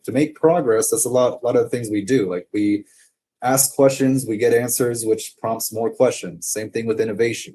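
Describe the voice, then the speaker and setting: There's a little hiss or hum behind this man's fairly low, dark voice. A vlogger, he tells a story casually to the camera, rambling off topic, swearing freely, and using frequent fillers.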